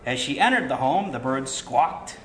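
A man's voice: medium pitch, expressive, normal speed, slight background noise, poor audio. A man co-hosting a casual chat and narrating a joke, agreeable and brief. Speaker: podcast co-host and narrator.

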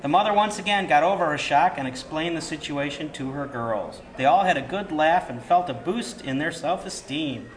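Co-host: slightly high-voiced man, agreeable short remarks. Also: lively intonation, normal speed, hardly any pauses, low-quality recording. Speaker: podcast co-host and narrator. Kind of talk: casual chat.

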